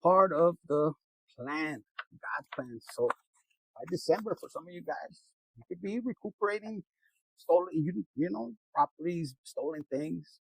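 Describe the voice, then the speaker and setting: High-pitched gravelly guy doing a loose tarot reading, husky, swears a lot and laughs. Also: expressive, unhurried, fairly bright tone, no room sound, rough recording. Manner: rambling, laughing, swears freely, mixes in Spanish. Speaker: tarot reader. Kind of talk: casual spiritual reading.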